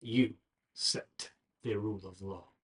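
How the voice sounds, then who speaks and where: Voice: deep voice, steady tone, slow, a little hiss or hum, voice pushed down. A game master voicing a grave male voice of justice that rings in a character's mind. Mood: solemn.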